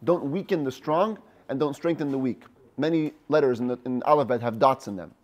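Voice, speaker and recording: A man, a rabbi, giving a text study class, reading Hebrew phrases slowly and explaining each one in English. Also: mid-range voice.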